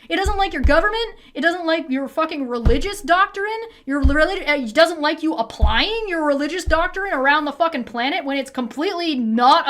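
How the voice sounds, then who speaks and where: Woman streamer, high voice, heated and foul-mouthed reaction talk. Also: fairly bright tone. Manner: swears constantly, heated and ranting. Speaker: streamer reacting to a debate video. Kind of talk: angry reaction rant.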